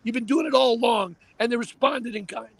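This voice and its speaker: A man hosting a casual talk show, talking in an animated, emphatic way and often repeating himself. His voice sits very high and sounds gravelly and husky. The sound is dry and close. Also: brisk, no room sound. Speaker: show host.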